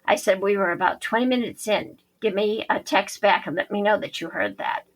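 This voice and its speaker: A woman's voice: mid-range voice, brisk, vocal fry, low-quality recording. A woman psychic medium, a podcast guest, telling a story animatedly and acting out the quoted dialogue.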